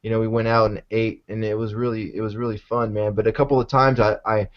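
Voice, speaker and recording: A man's voice: on the low side, flat delivery, fast talker, dull audio. A man hosting a casual live-show chat, laid-back and profane, calling everyone "man". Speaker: show host.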